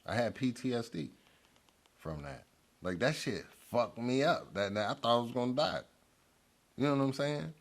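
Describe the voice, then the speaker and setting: A man's voice: mid-range voice, normal speed, pauses often. A middle-aged man telling a story in a casual, slangy, profane way, acting out the lines of the people in it. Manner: animated, acts out quoted lines, slangy and profane. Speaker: guest telling his life story. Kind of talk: casual storytelling in a therapy-style talk show.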